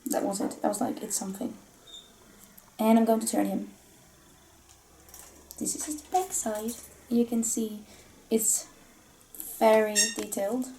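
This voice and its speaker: A woman's voice: fairly high pitch, unhurried, long pauses, mellow, a little hiss or hum. Giggly woman chatting through an unboxing. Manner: chatty and giggly, laughs often. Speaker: vlog host. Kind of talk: casual unboxing chat.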